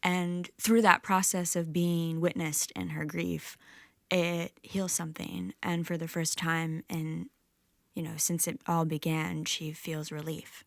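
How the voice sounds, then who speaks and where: A woman's voice: deep voice, level tone, takes it slowly, vocal fry, dry recording. A woman singer-songwriter casually retelling a myth between songs, with plenty of fillers. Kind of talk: spoken storytelling between songs. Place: music session recording on a campus.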